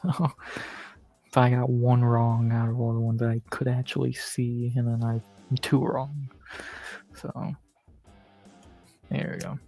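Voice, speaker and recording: A man's voice: mid-range voice, level tone, a little slow, long pauses, mellow, faint music behind. A man streaming live, muttering and swearing casually as he plays through quizzes, saying he's losing his voice. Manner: mutters and swears at quiz questions.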